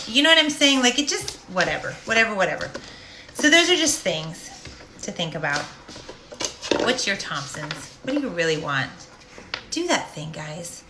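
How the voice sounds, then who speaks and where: A woman's voice: medium pitch, big pitch swings, normal speed, pauses often, bright, forceful tone, a little hiss or hum. A woman, a life coach, speaking directly and animatedly in a casual faith-based monologue. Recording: roomy echo.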